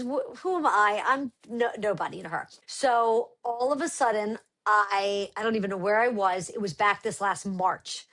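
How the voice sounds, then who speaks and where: A middle-aged woman, a brand founder, telling lively stories as a guest on a casual podcast and acting out quotes. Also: on the high side. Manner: animated storyteller acting out quotes.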